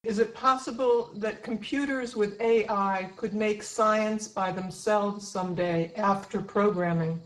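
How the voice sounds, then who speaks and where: A woman co-hosts an online seminar and briskly reads audience questions aloud in quick runs. Her voice sits mid-range, and the room around her sounds echoey. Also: medium pitch, steady tone. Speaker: co-host reading audience questions.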